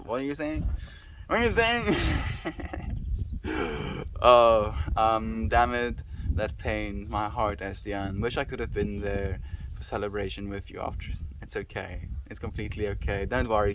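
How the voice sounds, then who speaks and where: A man with a fairly low-pitched voice livestreams and chats with his viewers in an earnest, affectionate, reflective way. The recording carries a little hiss or hum.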